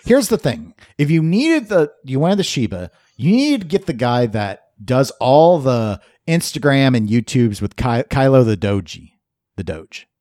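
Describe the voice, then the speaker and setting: In a laid-back podcast chat, this co-host jokes around, laughs a lot, and performs silly quotes. He has a mid-range, somewhat dark voice with big pitch swings and a measured pace, recorded cleanly in a studio with no room sound.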